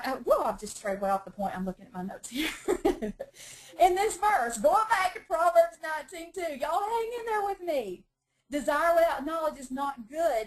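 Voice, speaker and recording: A woman leads a women's Bible study, speaking with a slightly high voice. She is chatty and self-deprecating, laughs at her own slips, and addresses the group warmly as "girls.". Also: poor audio. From North Georgia, USA.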